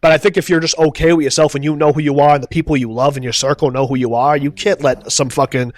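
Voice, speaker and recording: Fast-talking Boston guy, swears freely. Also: a little high, little pitch movement. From East Boston. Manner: loose and profane, fillers like bro. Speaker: podcast guest, content creator. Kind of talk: casual chat.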